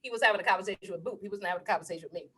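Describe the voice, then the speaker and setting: A woman's voice: medium pitch, very fast, fairly bright tone, husky. A woman hosting a casual spiritual livestream, laughing often as she tells playful, digressive stories. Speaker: spiritual host.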